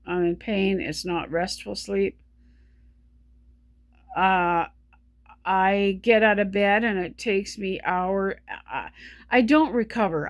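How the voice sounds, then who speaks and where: A vlogger records a personal diary entry, her mid-range voice breathless and tired. She stops and restarts often, stumbling over her words in a subdued way, and the recording is dry.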